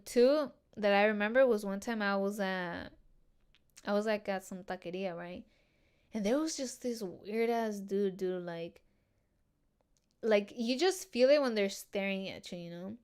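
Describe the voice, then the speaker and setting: A woman's voice: mid-range voice, moderate pace, clear, resonant tone. Swearing, slangy young woman podcaster. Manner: swears a lot, slangy and animated. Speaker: podcast host. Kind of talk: casual solo podcast monologue.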